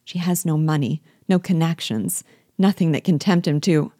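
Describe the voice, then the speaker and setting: A woman reading the lines of a distressed young gentlewoman from a classic novel, urgent and anguished, in a low, mellow voice. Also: moderate pace, no room sound, studio quality.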